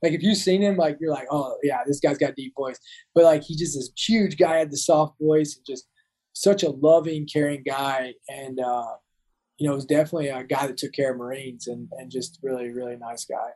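A man's voice: medium pitch, steady tone, normal speed, mellow, rough recording. A man, a Marine veteran telling war stories in an interview, rambling with many restarts. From Kentucky. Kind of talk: casual storytelling interview.

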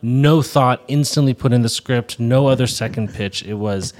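A man's voice: medium pitch, moderate pace, darkish tone. A man guest on a podcast, telling an anecdote in a wry, amused way. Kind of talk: casual chat.

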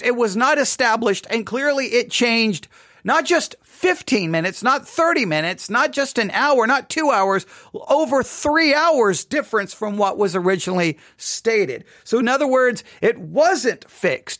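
A man's voice: extremely high pitch, very animated, unhurried, a bit bright, dry recording. A man telling a chatty, self-deprecating story as the host of a casual devotional podcast recorded in his home studio. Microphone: studio microphone.

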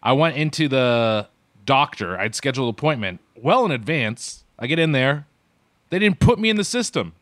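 Co-hosting a podcast, a man rants and swears in exasperation during casual chat. His medium-pitched voice swings widely in pitch and is a bit bright, at a moderate pace, in a dry, clean studio recording.

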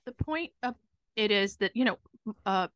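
A middle-aged woman co-hosting a podcast, telling a story in a lively way and acting out what others said. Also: medium pitch, moderate pace, dry recording, lo-fi sound. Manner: animated storyteller who acts out what others said. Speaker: podcast co-host. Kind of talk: casual chat.

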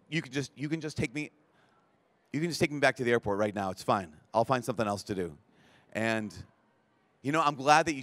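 In a mid-range voice captured with a dry recording, a priest delivers a talk to a live audience at a large event. His storytelling is animated, he impersonates those he quotes, and his sentences frequently restart when he's excited.

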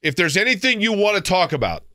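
A man, hosting a sports radio show and telling stories in a casual, animated way. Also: high-pitched, fast talker, no room sound, clean studio sound. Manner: storytelling, animated in quoted bits.

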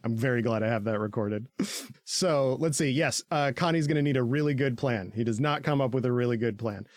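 On a brisk, dry, studio-quality recording, a male podcast co-host recaps an anime in casual, profane chat. He laughs often and jumps into squeaky character voices.

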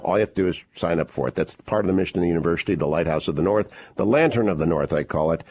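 A man hosting a radio talk show, energetic and promotional, rattling off plugs and quick asides. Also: sits low.

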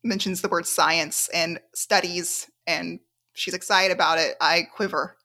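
A woman's voice: lowish voice, steady tone, measured pace, bright, forceful tone. A woman co-hosting a podcast in casual chat, teasing and agreeable. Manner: teasing, agreeable, many short backchannels. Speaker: podcast co-host.

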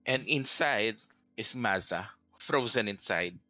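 A man narrating as game master of a tabletop game, halting and full of fillers. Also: lowish voice, expressive, pushed and bright, no room sound, faint music behind, poor audio. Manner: halting, hesitant with many fillers.

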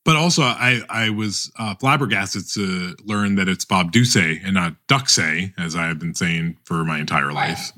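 Podcast co-host, male, bright tone, halting and chatty, lots of restarts. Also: low voice, expressive. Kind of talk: casual chat about awards season.

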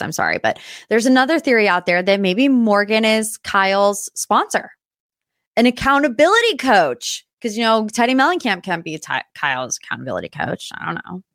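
A young woman talks through celebrity gossip in a chatty, animated way as host of a casual show. Her voice sits at a middle pitch. The recording is dry and close, with no room sound. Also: no echo. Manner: chatty and animated, with dramatic asides. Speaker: podcast host. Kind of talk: casual pop-culture gossip chat.

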